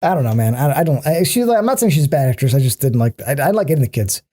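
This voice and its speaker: A man's voice: mid-range voice, lively intonation, mellow. A man co-hosting a podcast in casual chat, critical and ranting, swearing freely and restarting his sentences often. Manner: halting, many restarts. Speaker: podcast co-host.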